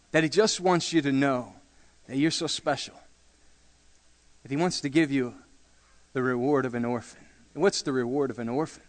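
A pastor preaching a sermon in a church, repeating phrases and stretching out words for emphasis. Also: male voice, mid-range voice. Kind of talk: sermon with testimonies. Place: church sanctuary. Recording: long reverb of a hall.

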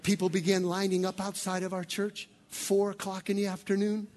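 A man preaching a sermon as pastor, rising to shouted peaks and dropping into playful, joking asides. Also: high-pitched, monotone, normal speed.

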